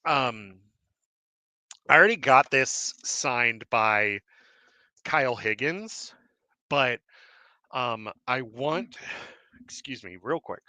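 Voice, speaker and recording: A man hosting a live show in casual chat, rambling and excitable with many fillers and restarts, a little out of breath. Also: medium pitch, takes it slowly, long pauses, dry recording. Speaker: host. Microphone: desk mic with cord.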